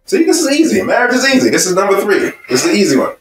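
A man's voice: high voice, racing, distant mic. Man teaching a marriage seminar, echoey. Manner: lively, rhetorical, asks the audience questions. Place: seminar room with audience. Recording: echoey room, voice from afar, faint music.

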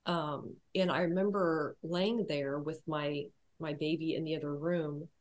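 A woman telling her personal story as a podcast guest, quiet and reflective, hesitating often with fillers and restarts. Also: low voice, steady tone, unhurried.

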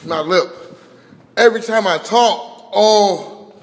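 A man's voice: high voice, takes it slowly. A young man, vlogging casually while teary, sweating and gasping as his mouth burns. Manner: gasping and groaning, mouth burning. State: teary, sweating, short of breath. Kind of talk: casual vlog.

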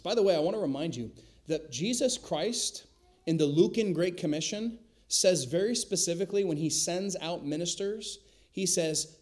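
A male pastor preaching a sermon in a church, emphatic, slowing and dropping to a hush on key words. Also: high-pitched, animated. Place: church sanctuary.

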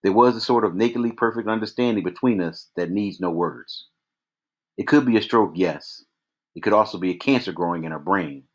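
A man reads a novel aloud in a deep, low voice. He keeps his narration measured and even, and now and then he stumbles and restarts a phrase. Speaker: reader.

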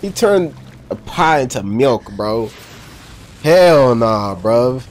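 A man's voice: mid-range voice, expressive, slow, darkish tone. Laid-back man cursing through a movie reaction. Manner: loose, profane slang, laughs often. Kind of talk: casual movie reaction commentary.

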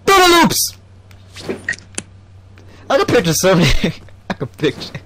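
A man's voice: on the high side, sing-song, brisk, noisy background. A man hosting a gaming video, bantering crudely with a friend and laughing a lot while he plays. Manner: crude teasing, laughs often. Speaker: gaming channel host. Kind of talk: casual let's-play banter.

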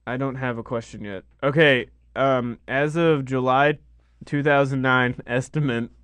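A man's voice: mid-range voice, fairly even intonation, a little slow, fairly bright tone, clear, resonant tone, dry recording. A man co-hosting a radio show, playfully running the segments and taking callers. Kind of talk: casual radio banter. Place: radio studio. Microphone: studio microphone.

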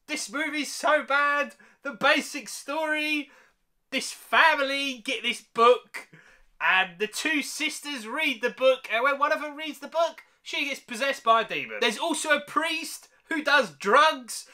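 Very high, bright British man ranting. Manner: animated, slangy, laughing at the film. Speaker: movie reviewer. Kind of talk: casual movie review vlog.

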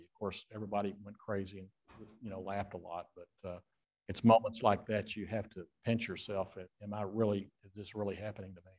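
A man, a guest author, telling rambling stage anecdotes with frequent filler pauses. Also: lowish voice, steady tone, a little mellow.

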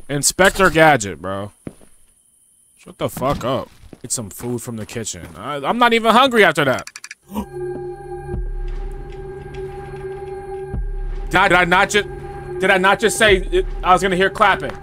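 A young man commentating a horror game he is playing, loud, profane and joking as he talks back at it. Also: fairly high pitch, lively intonation, moderate pace, background noise. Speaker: gaming streamer. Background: game music.

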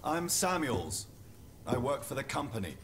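An actor with a Hollywood-style British accent playing a measured, persuasive corporate agent in a video game, heard over noisy game audio. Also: male voice, mid-range voice, very animated. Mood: calm. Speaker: game character.

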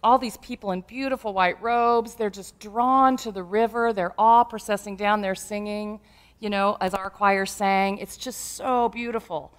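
A woman pastor preaching a sermon, telling stories in an animated, humorous way. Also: mid-range voice, unhurried, clean tone.

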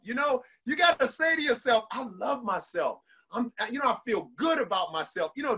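A man with a fairly high voice delivers a motivational speech. He sounds bright and forceful, and he hammers each point home by repeating it. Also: rough recording. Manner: emphatic, repetitive affirmations. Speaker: motivational speaker.

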